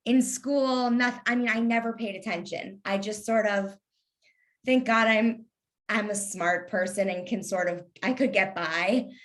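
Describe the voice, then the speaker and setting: A woman's voice: mid-range voice, unhurried. A woman in her thirties from Kentucky with a light Southern accent, talking as an interview guest in a sarcastic, witty way. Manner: sarcastic, witty, laughs easily. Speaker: guest, lifestyle influencer. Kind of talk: casual interview conversation.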